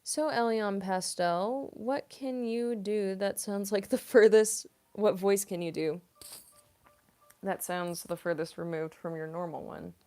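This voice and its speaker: A woman's voice: medium pitch, a little slow, dark tone. A woman voice actress chatting casually on a livestream, reading viewer comments and rambling with lots of filler words. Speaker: voice actress and streamer.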